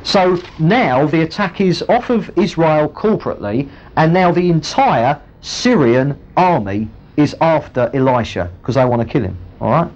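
Male preacher, lively higher voice, dull lo-fi sermon recording. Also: moderate pace, hardly any pauses. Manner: storytelling, animated, acts out the characters. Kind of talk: sermon retelling a Bible story. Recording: muffled lo-fi recording.

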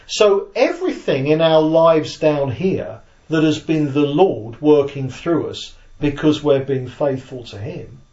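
A man teaching a Bible study class, explaining slowly, checking that listeners follow, and reading his handout aloud. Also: fairly high pitch, darkish tone. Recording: echoey room, dull lo-fi sound.

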